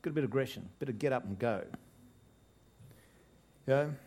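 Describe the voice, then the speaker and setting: An Australian man preaching from the pulpit with a mid-range voice that swells loudly on key words. He tells jokes, breaks off and restarts his sentences, and keeps an easy, lively sermon rhythm. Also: mid-range voice, a little fast. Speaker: pastor.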